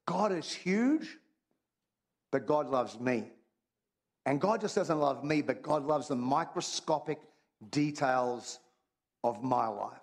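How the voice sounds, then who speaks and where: A man delivering a sermon in an easygoing, conversational way. He jokes with the congregation and repeats key lines over and over for emphasis, his voice sitting in an ordinary middle pitch. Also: slow pace. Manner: conversational and humorous, repeats phrases. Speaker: pastor.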